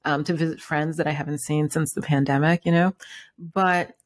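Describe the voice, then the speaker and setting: Rambling woman host with a lowish voice. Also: steady tone, normal speed. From New York City. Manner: rambling, many restarts and fillers, laughs often. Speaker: podcast host. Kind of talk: casual interview conversation.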